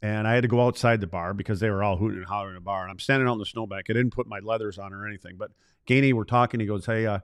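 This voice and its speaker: Gravelly-toned older man telling stories. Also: fairly low pitch, steady tone, racing, no echo. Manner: rambling storyteller, acts out quoted dialogue. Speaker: former player and podcast co-host. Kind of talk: casual podcast chat.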